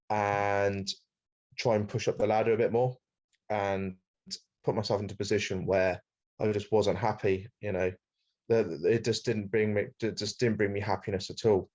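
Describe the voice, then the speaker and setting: A Welsh man with a lowish, fairly monotone voice, chatting casually as a podcast guest. He talks freely, with some restarts, and says "mate" often. The recording sounds dull and lo-fi. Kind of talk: casual interview chat.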